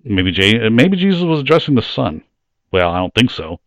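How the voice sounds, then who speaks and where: Lowish-voiced man preaching conversationally. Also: sing-song, moderate pace, a bit bright, dry recording. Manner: conversational, plain-spoken teaching with rhetorical questions. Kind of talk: sermon.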